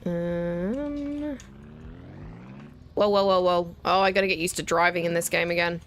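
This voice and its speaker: A woman's voice: on the low side, level tone, fast talker, fairly bright tone, a little hiss or hum. Wry Australian woman narrating her gameplay. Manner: chatty, wry, talks herself through each step. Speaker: gaming video host. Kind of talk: casual gameplay commentary. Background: faint game music and keyboard typing.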